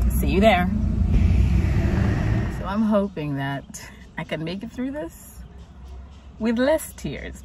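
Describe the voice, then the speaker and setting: A woman vlogger with a fairly low voice casually tells the story of her week, sounding exasperated and chatty and saying "like" constantly. She's recorded from a distance, with background noise.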